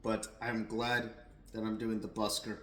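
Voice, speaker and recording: A man's voice: on the low side, little pitch movement, a little slow, fairly bright tone, roomy sound, low-quality recording. A young adult man giving a casual, rambling whiskey tasting review at home, a little tipsy, with lots of fillers and restarts.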